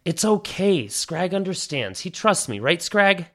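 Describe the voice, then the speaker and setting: A man's voice: high-pitched, sing-song, measured pace, pitched above the performer's own voice, heavily acted. A man doing a weary young woman. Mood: coaxing.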